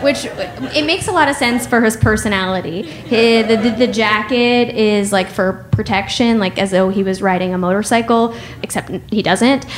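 A woman's voice: mid-range voice, normal speed, hardly any pauses, background noise. A woman from the United States telling a personal story with wry humor and frequent laughs.

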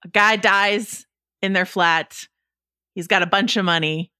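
A woman with a bright, forward tone talks about films with emphatic enthusiasm. The sound is dry and close to the mic. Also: mid-range voice, steady tone, unhurried, smooth, no echo. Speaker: podcast host. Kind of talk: casual chat.

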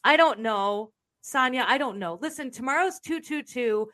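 A Texan woman hosting a live stream, talking loud and brash, swearing freely in casual chat. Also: high voice, lively intonation, moderate pace. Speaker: live show host.

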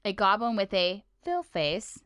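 A woman's voice: medium pitch, a little slow, smooth, no echo, clean studio sound. A woman co-hosting a podcast, chatting casually and playfully about a cartoon episode. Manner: playful, teasing, animated. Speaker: podcast co-host.

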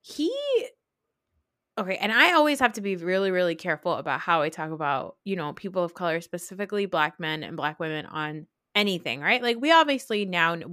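A woman hosting a podcast, chatting casually and expressively with quick asides. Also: lowish voice, lively intonation, a bit bright, dry recording, clean studio sound. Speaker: podcast host. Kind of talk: casual chat.

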